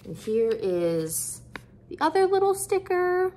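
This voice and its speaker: A woman vlogging as she unboxes craft kits, gushing with bubbly excitement and lots of fillers. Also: extremely high pitch, takes it slowly, background noise. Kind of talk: casual unboxing chat.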